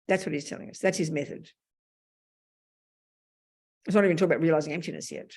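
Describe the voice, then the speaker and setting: An older woman with an Australian accent gives a dharma talk. She teaches in a frank, earthy, animated manner, full of everyday slang. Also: deep voice, quick pace. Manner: blunt, animated, colloquial. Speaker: Buddhist teacher.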